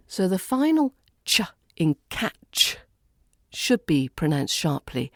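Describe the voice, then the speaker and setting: A woman accent coach with an English RP accent, teaching and carefully modelling example phrases in a clear, deliberate way. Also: fairly low pitch, lively intonation, a little mellow, no room sound, studio quality.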